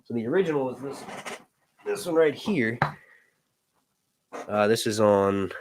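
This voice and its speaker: Over background noise, a medium-pitched, expressive male voice speaks at a measured pace. He's an American from the United States hosting a casual livestream, rambling along, correcting himself and cracking jokes.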